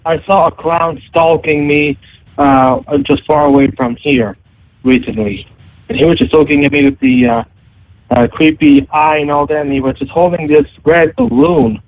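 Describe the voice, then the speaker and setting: A man's voice: a little high, expressive, normal speed, no echo. A man calling in to a radio show to tell a story, hesitant and full of fillers. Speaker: caller. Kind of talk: telling a story on a call-in show. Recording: dry tinny phone line.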